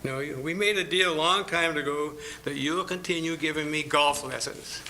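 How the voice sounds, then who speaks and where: Bright-voiced board chair, halting. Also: male voice, a little high, slight background noise, poor audio. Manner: hesitant, many fillers and restarts. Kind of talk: meeting remarks. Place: meeting room.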